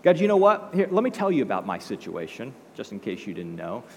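A man's voice: medium pitch, animated, fairly quick, big-room sound, slight background noise, lightly acted. A man voicing a complaining, self-pitying male prophet who lectures in an indignant, exasperated way.

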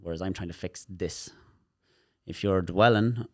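This is an Irish man with a very low voice, talking as a therapist guest in a casual interview. He explains with energy and demonstrations, often repeating a word as he goes. The sound is dry and close. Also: a little slow, no room sound. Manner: animated, demonstrative, repeats words while explaining.

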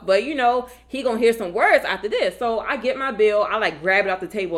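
Animated woman telling a dating story. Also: quick pace, few pauses. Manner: animated, acts out quotes with big pitch jumps. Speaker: podcast co-host. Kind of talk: casual storytelling chat.

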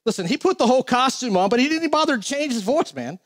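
High-voiced male preacher, reads scripture, easygoing and jokey between verses. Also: big pitch swings, quick pace. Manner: casual, joking asides between King James readings. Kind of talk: sermon with scripture reading.

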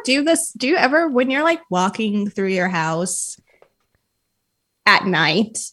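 A woman in casual podcast chat, animated and giggly, with many fillers. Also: mid-range voice, slow pace.

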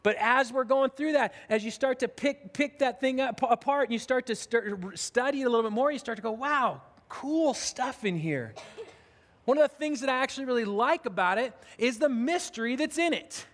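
A pastor delivering a sermon in a notably high voice, talking conversationally and poking gentle fun at himself. He stops and restarts his phrases often, and a long hall reverb trails after his words. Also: a little fast, hardly any pauses. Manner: conversational, self-deprecating, with frequent restarts.

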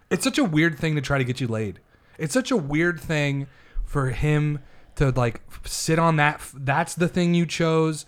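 A man's voice: a little high, expressive, a little slow, smooth. A young man hosting a podcast, ranting heatedly and swearing in casual chat. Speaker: podcast host.

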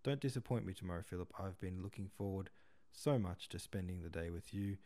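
A man's voice: sits low, a little fast, dark tone, natural voice. A man reading the lines of a hurt, insistent young woman in a novel audiobook. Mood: pleading. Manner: pleading, then flaring up.

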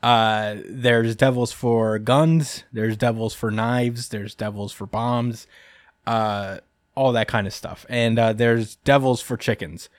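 A man's voice: mid-range voice, fairly even intonation, slow pace, no room sound, studio quality. A man hosting a podcast, recapping a chapter in a casual, rambling way with frequent laughs. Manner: rambling, lots of ums and laughs. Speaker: podcast host.

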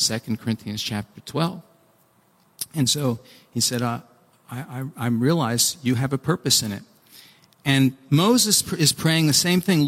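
A man preaching a sermon, animated and acting out pleas, with frequent restarts. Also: on the high side, moderate pace. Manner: animated, acts out pleading voices, restarts often. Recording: long hall reverb.

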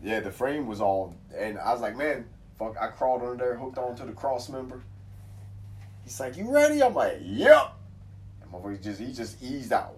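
Profane animated man telling a story. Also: medium pitch, brisk. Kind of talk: casual chat, storytelling. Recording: voice from far off the mic.

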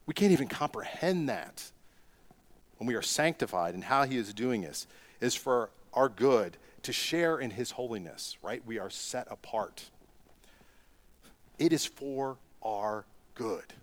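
A man's voice: mid-range voice, animated, measured pace. A middle-aged man delivering a sermon as a pastor, asking rhetorical questions and rising into emphatic bursts.

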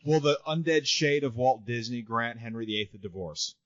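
Deadpan man, dull dry sound. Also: mid-range voice, moderate pace, no echo. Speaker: podcast co-host. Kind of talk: casual movie-review chat.

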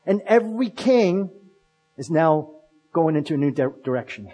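A male pastor preaching a storytelling sermon, his voice somewhat high and husky. He acts out quotes, dropping to a hush and then swelling again. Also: sing-song, normal speed, poor audio. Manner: storytelling, acting out quotes with shifts in volume.

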